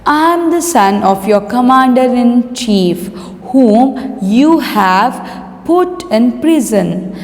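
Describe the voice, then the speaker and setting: A woman teacher with an Indian English accent reading a bold, determined boy's lines slowly in a class play. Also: on the high side, animated. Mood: earnest. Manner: reads slowly and deliberately. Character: bold, determined young boy. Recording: echoey room with long reverb.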